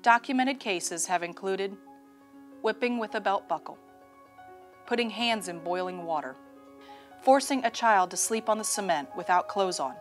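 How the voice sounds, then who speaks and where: A woman narrating an awareness message in a measured, serious manner. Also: medium pitch, lively intonation, soft background music.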